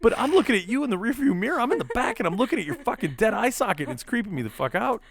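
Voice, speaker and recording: Animated man telling a wild story. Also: extremely high pitch, very fast. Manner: animated, swearing, jumps into voices for quoted people. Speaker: podcast host. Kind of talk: casual storytelling chat.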